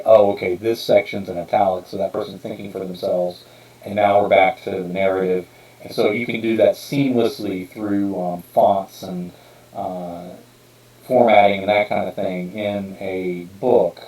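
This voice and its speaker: A man's voice: fairly low pitch, darkish tone, reverberant, recorded from a distance, rough recording. A man hosting a podcast in casual talk, rambling with many fillers and restarts as he explains his writing. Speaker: podcast host and author. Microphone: streamed podcast mic.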